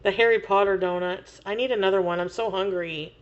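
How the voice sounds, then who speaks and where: A woman's voice: medium pitch, steady tone, fairly quick, dull audio. A woman livestreamer chatting casually with viewers, laughing often and swearing freely.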